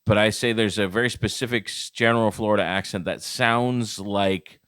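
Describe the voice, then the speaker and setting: Casting: low-voiced male podcast co-host, rambling casual chat, dry close sound. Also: steady tone, normal speed, fairly bright tone, clean tone, no echo. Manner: rambling, loose, full of restarts and fillers.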